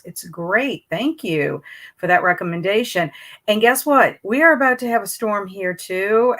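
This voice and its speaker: Chatty woman hosting a live stream. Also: medium pitch. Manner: greets viewers warmly, reads chat messages aloud; chatty, rambling. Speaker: host of a reading live stream. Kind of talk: casual live-stream chat.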